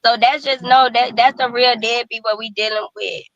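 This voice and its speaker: A woman's voice: on the high side, steady tone, a bit bright, no echo, dull audio. A woman speaking as a guest in a casual chat, blunt and slangy. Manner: blunt, slangy, fast-talking.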